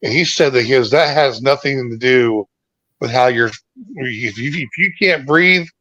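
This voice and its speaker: A man's voice: medium pitch, moderate pace, pushed and bright, no echo. A man co-hosting a casual livestream chat, telling stories in a rambling, hesitant way. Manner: rambling, hesitant storytelling with restarts. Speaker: co-host. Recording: dry, dull lo-fi mic.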